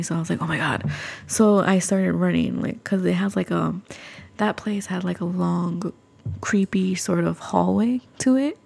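A woman's voice: on the low side, gravelly, a little mellow. A woman hosting a podcast, telling a spooky story in a chatty way, full of fillers and asides to the listeners. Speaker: podcast host.

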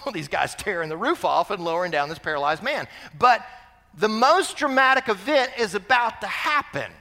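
A man preaching with a high, bright voice that swings widely in pitch, throwing rhetorical questions at his listeners. The sermon rings out with a long reverb, as if in a large hall. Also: expressive, normal speed. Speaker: pastor.

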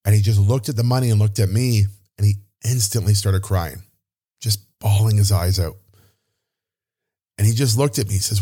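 A man with a somewhat low voice tells a personal story as a podcast host. He speaks earnestly and from the heart, with his emotions close to the surface. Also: moderate pace, mellow.

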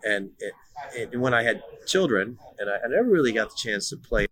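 A man's voice: mid-range voice, very animated, fairly quick, a bit bright, dry recording. A middle-aged man, a former pro soccer player, telling stories as a guest in a casual interview, often repeating words as he starts a sentence.

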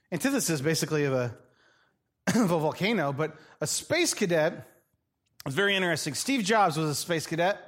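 A man's voice: sits high, fairly bright tone. A male preacher giving a humorous, conversational sermon. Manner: jokey, acts out characters, conversational.

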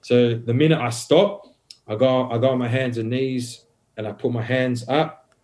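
A podcast guest tells a long story in casual conversation, his voice medium in pitch and his pace moderate. He swears heavily and rambles in an animated way, full of fillers. There's slight background noise.

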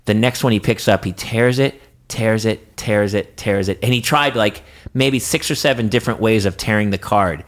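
A man from New Hampshire and Boston, an actor and improviser, telling lively show-business stories in a casual chat, swearing freely and jumping his pitch for quoted voices. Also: moderate pace, few pauses. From New Hampshire and Boston, USA.

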